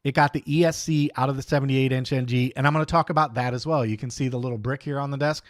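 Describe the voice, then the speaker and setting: A man's voice: medium pitch, steady tone, fast, no echo, clean studio sound. A man hosting a live radio-control hobby stream, chatting casually and greeting viewers one by one in an upbeat way. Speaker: host of a live RC hobby show. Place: home studio desk.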